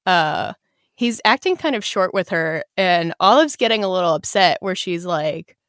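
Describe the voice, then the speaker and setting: A woman's voice: fairly low pitch, expressive, moderate pace, a bit bright, no room sound, studio quality. A woman co-hosting a casual book-discussion podcast, retelling scenes and swearing now and then. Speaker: podcast co-host.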